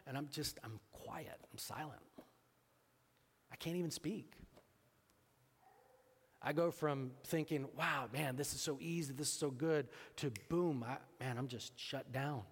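Pastor telling a story in a reverberant church hall. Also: male voice, a little high, a little slow, slightly rough. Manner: storytelling, acting out both sides of a dialogue. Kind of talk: sermon.

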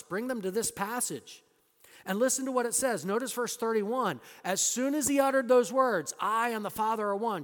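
High-voiced man preaching in a reverberant hall. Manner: emphatic preaching that drops to soft, hushed lines. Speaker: pastor. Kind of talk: sermon.

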